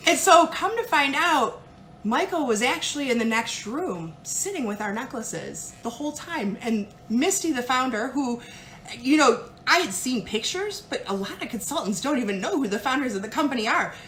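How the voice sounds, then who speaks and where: A woman tells a story with lively, dramatic energy, jumping into the voices of the people she quotes. Her voice sits fairly high. The room is echoey, with a faint hiss underneath. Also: moderate pace. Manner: animated, dramatic retelling with put-on quoted voices. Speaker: jewelry consultant. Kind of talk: casual storytelling.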